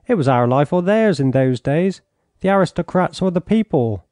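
A man reading an audiobook, voicing a coarse, drunken older baron with a gruff, blustering manner. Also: fairly high pitch, lively intonation, normal speed, darkish tone, no echo, studio quality, voice pushed up, lightly acted.

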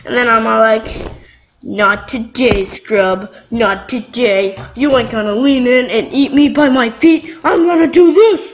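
A young woman giving casual, excitable gameplay commentary, giggling and squealing. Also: high-pitched, normal speed, few pauses, muffled recording, slight background noise. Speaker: gamer.

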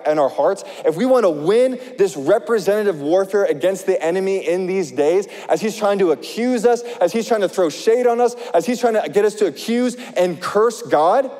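Impassioned pastor in a reverberant hall. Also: male voice, high-pitched. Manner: impassioned, swings from loud to hushed. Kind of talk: sermon.

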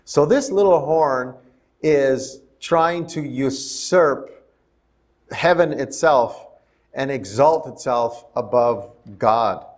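A male pastor giving a conversational bible study sermon in a church, often asking the congregation questions. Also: medium pitch. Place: church sanctuary.

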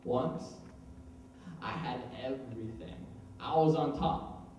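A young man performing a spoken word poem dramatically, swinging between hushed lines and loud ones. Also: mid-range voice, slow. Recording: very echoey room, voice far from mic.

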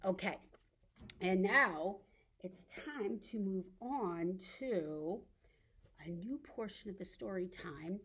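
A woman leading a baby story time as a children's librarian, speaking in a gentle, coaxing way meant for little children. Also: mid-range voice, lively intonation, slow pace, slightly rough.

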